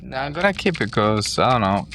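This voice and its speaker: A man's voice: mid-range voice, sing-song, fairly quick, vocal fry, sharp tone, a little hiss or hum. A man playing a tabletop game, describing his moves plainly and matter-of-factly. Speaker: player. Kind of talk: casual tabletop play.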